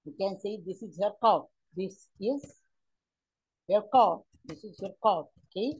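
A woman's voice: medium pitch, lively intonation, measured pace, a little mellow, breathy edge, muffled recording. A woman teaching an English grammar lesson online, explaining step by step with many fillers and questions to the pupils.

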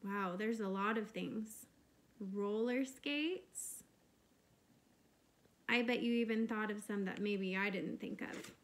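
Slow, gentle kindergarten teacher woman. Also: mid-range voice. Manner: slow, clear, encouraging teacher talk to small children. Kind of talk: video lesson for young children.

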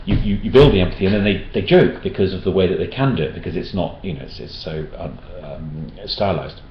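A man's voice: low-pitched, fast, slight background noise. A man answering backer questions in a casual chat, hesitant, with many restarts. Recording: roomy dull-sounding room recording.

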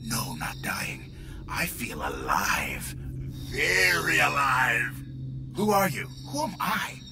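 Giddy brain in a jar. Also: male voice, very animated, normal speed. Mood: euphoric wonder. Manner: wildly swinging pitch, euphoric, breathless wonder. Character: giddy disembodied brain in a jar, male, confused and grandiose. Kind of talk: video game voice acting. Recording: game audio with music behind.

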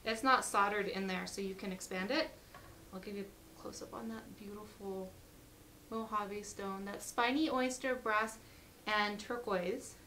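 A woman's voice: medium pitch, fairly even intonation, a little slow, bright, forceful tone, distant mic, slight background noise, rough recording. A woman hosting a live jewelry sale, chatty and upbeat as she reads out lot numbers and prices, her voice getting worn. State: losing her voice.

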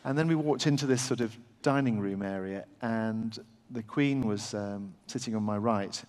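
A middle-aged English surgeon telling a halting, self-deprecating story on a festival stage, full of fillers and restarts. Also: male voice, lowish voice, darkish tone. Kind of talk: live anecdote at a festival talk. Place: large festival venue with audience. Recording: long hall reverb from a big venue.

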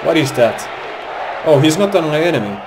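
A man doing let's play commentary, excitable, exclaiming and swearing at the game. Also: a little high, normal speed, a crowd in the background, noisy background. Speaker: gamer. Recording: game music behind voice.

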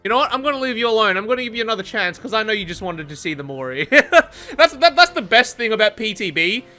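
A young woman giving casual, excitable commentary over her own gameplay, swearing and laughing often. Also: fairly high pitch. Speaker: gaming streamer.

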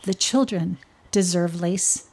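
A woman voicing a gentle female snail in a storybook reading, speaking quietly and calmly. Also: fairly low pitch, slow pace, slightly rough, heavily acted.

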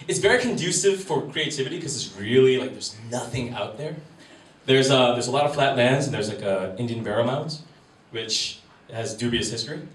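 In a comedy club, a Wisconsin comedian in his 30s rambles through a self-deprecating set in a mid-range, fairly bright voice. The distant mic picks up a roomy live space full of crowd ambience, room noise and audience sounds.

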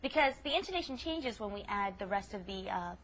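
A woman's voice: medium pitch, animated, fairly quick, fairly bright tone. A woman co-hosting a casual language lesson podcast, chatty and laughing as she explains patiently. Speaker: language teacher co-host.

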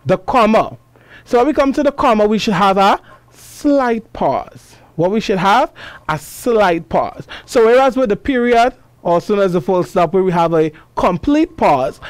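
A woman teaches a class lesson slowly and deliberately, posing questions and then answering them herself, and reads passages aloud with expression. Her voice is on the low side and a little mellow, with no room sound.

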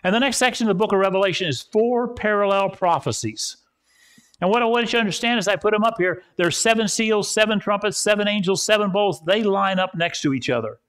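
A man's voice: high voice, brisk, fairly bright tone, smooth. A male pastor preaching a conversational sermon at a church service, telling stories and repeating phrases for emphasis.

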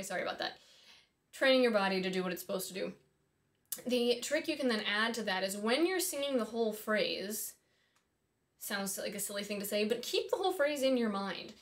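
Woman singing teacher, kinda high voice, chatty and casual, thinks out loud w little asides. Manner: chatty and friendly, thinks aloud with small asides. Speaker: voice and harp teacher. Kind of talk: casual instructional talk.

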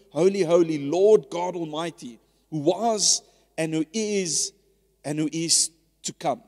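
A man's voice: a little high, a little mellow. An earnest man preaching a sermon to his church, his slightly raised voice carrying a long hall reverb. He talks conversationally, repeating and restarting phrases as he builds his point. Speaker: pastor.

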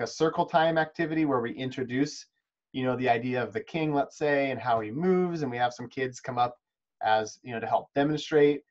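A man's voice: mid-range voice, a little mellow, highs cut off. A man leading an instructional webinar for preschool teachers, explaining in a friendly, encouraging, practical way over a video call. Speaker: webinar presenter teaching chess to preschool educators. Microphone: video call microphone.

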